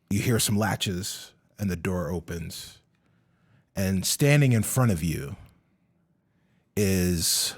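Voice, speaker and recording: A man narrating as dungeon master of a tabletop game, relaxed, with many fillers. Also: lowish voice.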